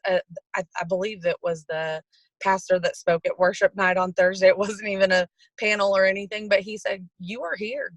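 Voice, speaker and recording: A woman's voice: fairly low pitch, dry recording. A woman who shares a heartfelt conference recap on a video call, earnest and full of fillers. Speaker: team member sharing a conference recap. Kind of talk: casual testimonial on a video call.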